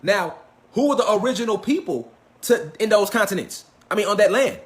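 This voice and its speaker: Man, rapid-fire, preachy, profane, repeats questions to listeners. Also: high-pitched, expressive, breathy edge. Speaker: online lecturer. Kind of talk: livestream lecture reading from the web.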